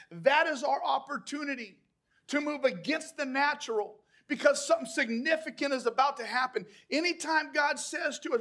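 High bright-voiced male preacher. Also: expressive, moderate pace. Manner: dynamic preaching, swinging from hushed to shouted. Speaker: pastor. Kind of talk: sermon.

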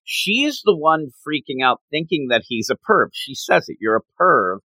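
A man co-hosting a podcast, retelling a story in animated, giggly casual chat. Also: a little high, normal speed, dry recording, low-quality recording. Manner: animated, giggly, retells scenes with quoted voices. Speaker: podcast co-host.

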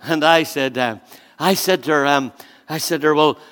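A man preaching a sermon as a pastor, telling stories with acted-out voices and swinging from quiet asides to loud emphatic bursts. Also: fairly high pitch, normal speed, clear, resonant tone, big-room sound.

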